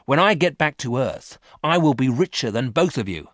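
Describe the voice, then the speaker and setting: A man's voice: medium pitch, expressive, normal speed, fairly bright tone, dry recording, clean studio sound, voice pushed up, lightly acted. Sly male stranger for a storybook, mocking and questioning, read by a man.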